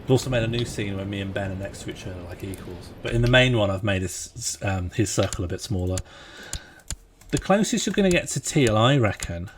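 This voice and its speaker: A man's voice: lowish voice, animated, brisk, a little hiss or hum. A young man hosting a casual game livestream, joking and laughing as he rattles off long lists. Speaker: streamer playing a strategy game.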